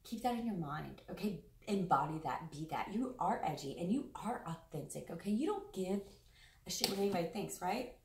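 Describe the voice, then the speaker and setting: A woman's voice: fairly low pitch, lively intonation, moderate pace, background noise. A woman giving a casual, effusive tarot reading to camera, rambling and chatty with plenty of fillers and the odd swear word. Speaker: tarot reader. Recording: roomy sound, a bit distant from the mic.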